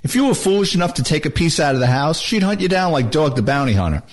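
A man's voice: fairly high pitch, fast. An older man, a retired detective telling a wisecracking comic story. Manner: animated, wisecracking.

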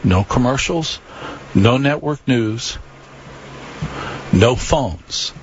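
A man's voice: medium pitch, expressive, drawn-out words, highs cut off, slight background noise. A man hosting a late-night radio talk show, rambling wryly through a monologue to listeners. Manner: wry, conversational, repeats phone number.

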